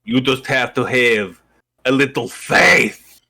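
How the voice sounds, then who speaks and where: A man putting on a mock Eastern European accent to play a gruff, preachy stranger. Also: medium pitch, slow, pushed and bright, heavily acted. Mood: mock solemn.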